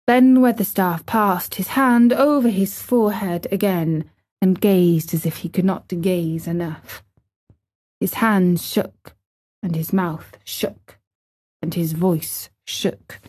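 A woman reading a classic novel aloud as an audiobook narrator, with measured, expressive storytelling. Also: lowish voice.

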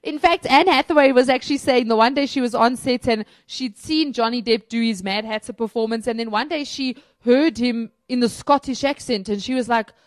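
A woman's voice: a little high, brisk, hardly any pauses, dry recording. A woman chatting casually and enthusiastically as co-host of a film review, with lots of fillers and restarts. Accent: South African.

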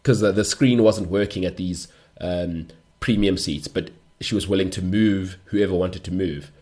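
A man's voice: sits low, moderate pace, darkish tone. A man hosting a solo podcast, rambling through jokey stories with mock-outraged asides. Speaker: podcast host. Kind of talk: solo comic chat.

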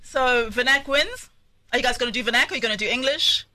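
A man with a South African accent hosting a radio show, talking in a lively, teasing way and laughing often. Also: extremely high pitch, fast, dry recording. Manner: animated, teasing, laughs often, switches languages. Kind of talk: lively studio chat. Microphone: studio microphone.

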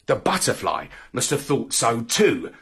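Slow, expressive storyteller man. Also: medium pitch, husky. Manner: expressive, swooping storybook delivery. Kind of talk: children's story reading.

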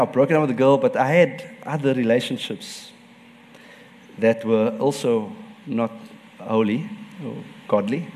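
A man's voice: mid-range voice, a little mellow, long reverb tail. A man preaching a sermon as pastor, telling personal stories and laughing often.

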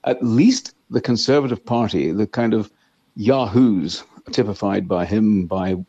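A man with a low, husky voice talks in blunt, emphatic bursts and often repeats himself. His voice is recorded dry, with a dull lo-fi sound. He speaks as a guest commentator in a casual interview. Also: unhurried, warm tone, no room sound. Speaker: investment analyst and market commentator, guest.

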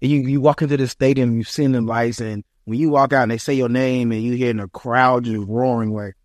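Young guy, ex football player, chatty and excited, dry close mic. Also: medium pitch, brisk, no room sound. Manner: animated, acts out quotes of family and fans. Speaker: former football player, guest. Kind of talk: storytelling interview.

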